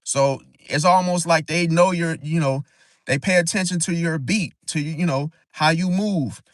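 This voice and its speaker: A man talks to his livestream audience in a casual but preachy way. He leans on his points and keeps tagging them with "see?". His voice sits a touch high, and it is recorded close and dry with no room sound. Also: unhurried, no room sound. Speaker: astrology livestream host.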